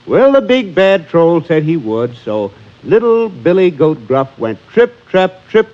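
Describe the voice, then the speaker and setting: A man's voice: on the high side, sing-song, measured pace, few pauses, highs cut off. A man telling a children's fairy tale aloud, with rhythmic, sing-song refrains. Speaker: storyteller. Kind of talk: children's storytelling.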